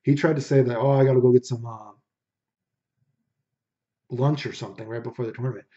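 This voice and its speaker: Young man, ranting storyteller, profane, dark voice, muffled lo-fi audio. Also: mid-range voice, fairly even intonation, brisk. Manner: profane, ranting, says "dude" constantly. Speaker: podcast host. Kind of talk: casual storytelling rant. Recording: dull lo-fi recording.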